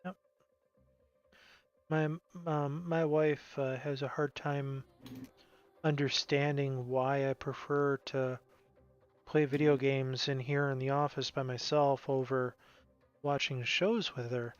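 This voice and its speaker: A stream co-host with a mid-range, clear, resonant voice speaks slowly and flatly, leaving long pauses. He chats casually, telling a rambling story with many restarts and asides. His voice itself is dry, but the stream audio is dull and lo-fi, with music playing.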